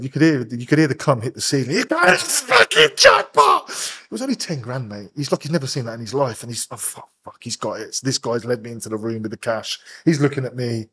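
A man from England in his thirties, a podcast guest telling a rough story fast, swearing constantly and acting out other people's lines. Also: medium pitch. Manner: swears constantly, rapid animated storytelling, acts out voices. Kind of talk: casual storytelling interview.

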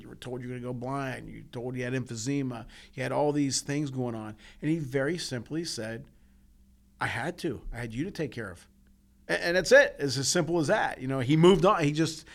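A man co-hosting a podcast, telling personal stories in an earnest, emotional way, with frequent restarts and repeats. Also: medium pitch. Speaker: podcast co-host. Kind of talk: casual heartfelt podcast talk.

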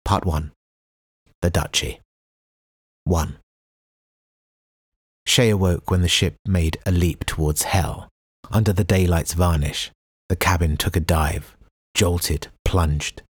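A man reading a novel aloud as an audiobook narrator, in a measured, even storytelling delivery. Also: low-pitched, slightly rough, no room sound, clean studio sound. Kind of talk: scripted narration.

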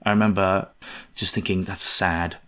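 A man in casual conversation, telling a personal story in an animated, self-deprecating way. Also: low voice, normal speed.

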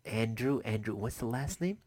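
A man co-hosting a podcast in casual chat, with dry, deadpan teasing humor. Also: medium pitch, normal speed, a little hiss or hum. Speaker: podcast co-host.

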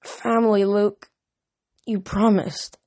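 A woman's voice: mid-range voice, animated, normal speed, slightly rough. A woman voicing a determined young woman fighter, pleading through strain.

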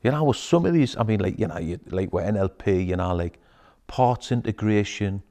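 A man talking as an interview guest in a wellness centre. He is animated and quick to swear, peppering his talk with "aye" and "mate.". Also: fairly low pitch. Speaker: guest, emotional intelligence coach. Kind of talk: casual interview chat.

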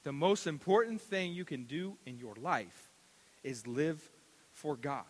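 A man preaching a sermon, animated and repetitive, acting out stories in voices. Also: a little high, a little slow. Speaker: pastor. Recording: long reverb of a large hall.

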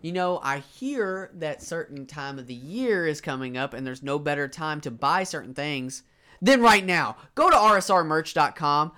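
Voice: mid-range voice, expressive, normal speed, sharp tone. A co-host of the show reading a sponsor spot in a brash, profane, salesy way. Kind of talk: casual ad read.

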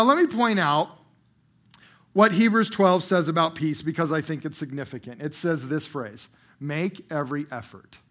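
A middle-aged man preaching a sermon to a congregation, swinging from loud emphatic bursts to quiet drawn-out phrases. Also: fairly high pitch. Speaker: pastor. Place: church room before a congregation.

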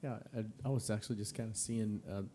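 A man co-hosting a podcast who speaks encouraging words to his guests, hesitating often and pausing with fillers. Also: lowish voice, fairly even intonation, mellow, husky. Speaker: podcast co-host. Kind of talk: casual encouragement.

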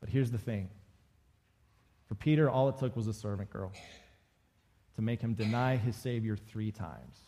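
A man's voice: on the low side, lively intonation, moderate pace, long pauses, mellow. A male pastor giving a conversational sermon and acting out quoted lines from the story.

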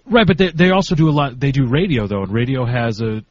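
Quick and sing-song, this twenty-something podcast co-host speaks in a mid-range voice through dull audio. The conversation is casual, and he comes across as hesitant and quick to put himself down.

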